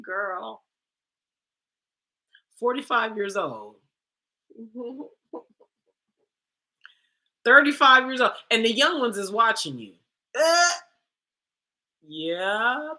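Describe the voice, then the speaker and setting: A woman's voice: fairly high pitch, pushed and bright. A woman hosting a livestream for women, talking bluntly and confrontationally with many rhetorical questions. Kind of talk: livestream talk.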